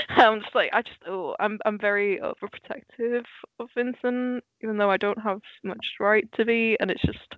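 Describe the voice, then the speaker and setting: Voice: medium pitch, very animated, no room sound. Passionate Dutch-accented young co-host. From Netherlands. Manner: passionate, rambling, quick to laugh. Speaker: podcast co-host. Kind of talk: casual chat. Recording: dull lo-fi sound.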